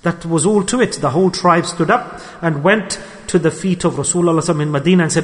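High-voiced preacher in an echoing hall. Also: male voice, racing, hardly any pauses. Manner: animated, swings between loud exclamations and hushed asides. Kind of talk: sermon storytelling. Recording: long hall reverb.

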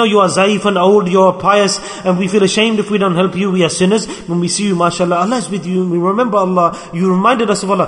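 A man's voice: high-pitched, fairly bright tone, long reverb tail. A man preaching a sermon to his brothers, telling stories and acting out the quoted voices of the people in them. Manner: storytelling, acts out quoted speech.

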